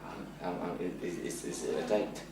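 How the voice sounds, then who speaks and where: A stammering, timid neighbour. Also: male voice, fairly low pitch, sing-song, normal speed. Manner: hesitant, stammering. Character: shy, awkward male neighbour, stammering and timid. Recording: echoey room from a distance, noisy.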